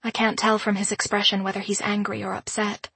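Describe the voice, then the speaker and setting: A woman narrating a first-person audiobook in a measured, introspective way. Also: medium pitch, flat delivery, sharp tone, breathy edge, dry recording.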